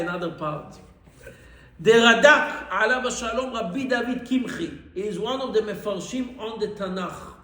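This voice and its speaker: Man, rabbi, high voice, echoey room, animated storytelling, non-native English. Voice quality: non-native English, mixing in Hebrew terms. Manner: animated, cries out the widow's pleas in a high voice. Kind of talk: Torah class storytelling.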